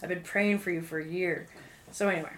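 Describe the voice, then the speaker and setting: A woman's voice: on the low side, fast. A young woman casually telling a personal testimony, full of fillers and acted-out quotes. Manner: fillers like "um" and "like", animated quoting. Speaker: guest sharing testimony. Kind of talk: casual storytelling.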